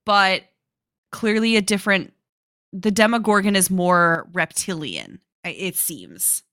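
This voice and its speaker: A woman co-hosting a podcast, excitedly recapping a TV show in casual chat, swearing and laughing often. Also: mid-range voice, measured pace, dry recording, studio quality. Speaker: podcast co-host.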